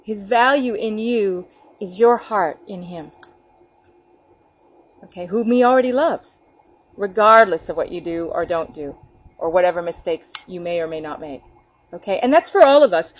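A woman's voice: mid-range voice, lively intonation, moderate pace, muffled recording. A woman teaching a small prayer group over a video call, speaking earnestly, addressing listeners by name and often checking in with "okay?". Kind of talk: spontaneous preaching to a small group.

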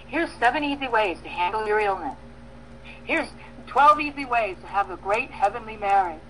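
A woman preaching a sermon, emphatic, with bursts of loud stress and soft pauses, acting out prayers and dialogue. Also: mid-range voice, lively intonation, slight background noise, low-quality recording. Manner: acts out prayers and quoted dialogue.

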